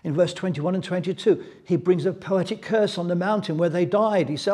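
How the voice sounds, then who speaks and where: Man teacher, husky and a touch high, telling the passage as a story. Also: steady tone, fairly quick, few pauses, dark tone. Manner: storytelling, reading scripture aloud. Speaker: Bible study teacher. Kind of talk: Bible study teaching.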